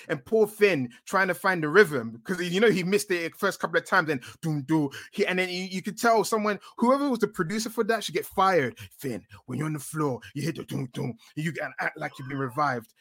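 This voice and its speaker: A man's voice: high-pitched, a bit bright, no room sound, studio quality. Blunt, opinionated man co-hosting a podcast. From United Kingdom. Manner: opinionated, blunt, swears freely. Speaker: podcast co-host. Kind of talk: casual chat.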